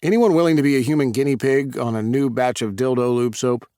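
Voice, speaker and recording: A man's voice: medium pitch, brisk, dark tone, no room sound, clean studio sound, voice pushed up, natural voice. A man doing a frazzled nice guy. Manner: flustered, hesitant.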